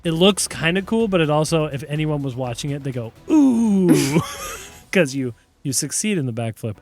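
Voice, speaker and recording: A man's voice: on the high side, fairly quick, faint music behind. A man narrating as game master of a tabletop game, playful and often laughing as he describes the action.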